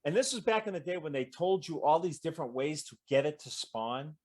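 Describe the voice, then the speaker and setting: A man guest in an audience Q&A, telling animated gaming stories in casual chat and acting out what others said. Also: a little high, a little fast. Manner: lively storyteller, acts out quoted voices, trails off mid-sentence.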